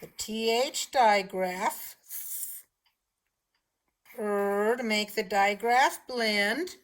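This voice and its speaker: Slow, patient phonics teacher woman. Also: fairly high pitch. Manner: slow, patient, clearly enunciating words. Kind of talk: children's phonics lesson.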